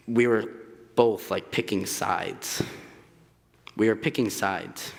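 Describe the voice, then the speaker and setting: A young man in his twenties giving a hesitant personal testimony at church, often pausing with fillers. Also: lowish voice. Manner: hesitant, searching for words with many fillers. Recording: reverberant church hall.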